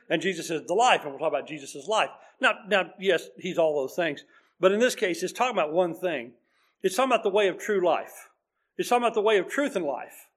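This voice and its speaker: Male preacher, high-pitched voice, teaching sermon, emphatic then hushed. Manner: explanatory, swings between emphatic and hushed.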